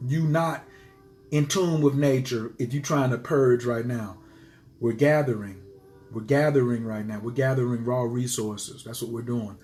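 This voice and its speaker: A man's voice: mid-range voice, fairly even intonation, measured pace, a little mellow, faint music behind. A man teaching astrology to his viewers in a casual live stream, speaking passionately and emphatically and driving his points home by repeating them.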